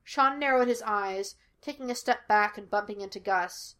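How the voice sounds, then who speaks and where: A woman narrating a fan fiction audiobook in a steady storytelling manner. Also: medium pitch, moderate pace, few pauses. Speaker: audiobook reader.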